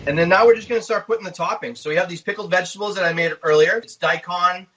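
Easygoing high-voiced man demonstrating cooking. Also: quick pace, a bit bright, dull audio, slight background noise. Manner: easygoing, step-by-step explaining. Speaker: guest chef.

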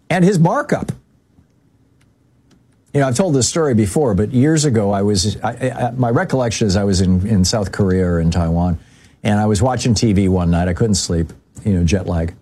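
A man's voice: normal speed, husky. A man hosting a radio talk show, giving political commentary and telling anecdotes in a loose conversational way, full of fillers and restarts. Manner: conversational, many "you know" fillers and restarts; lively storyteller, jumps pitch for emphasis.

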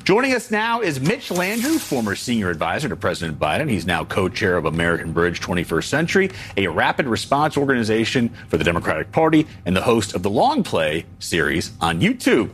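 A man hosting a news show, introducing a guest and figures in a lively, expressive way. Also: lowish voice, a little fast, hardly any pauses, slight background noise. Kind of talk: news anchoring.

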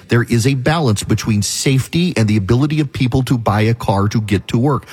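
A man holds forth as a talk radio host, his voice husky and set at an ordinary middle pitch. He argues briskly and addresses his listeners directly in an opinionated monologue. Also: a little mellow.

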